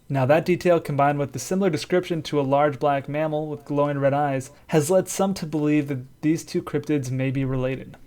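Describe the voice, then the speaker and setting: A man's voice: a little high, a little mellow. A man co-hosting a casual podcast, talking in a loose, chatty way and laughing easily. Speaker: podcast co-host.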